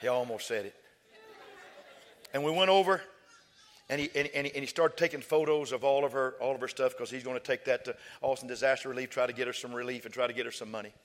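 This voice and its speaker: A man's voice: mid-range voice, quick pace, a faint crowd. A man preaching a sermon as a pastor, telling a story in a conversational way and often repeating himself. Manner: conversational storytelling with frequent repetition.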